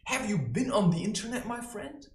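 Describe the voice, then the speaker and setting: A man holds forth in a preachy, mocking monologue, with a tone that swings widely and theatrically. He talks to camera from his own room. The room adds a clear echo to his voice. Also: sits high, big pitch swings, normal speed, darkish tone. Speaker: self-styled spiritual advisor. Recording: roomy echo.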